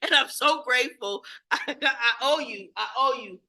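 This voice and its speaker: A woman who facilitates a support group, telling her own story in a frank, animated, self-mocking way. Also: sits high, normal speed. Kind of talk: candid group share.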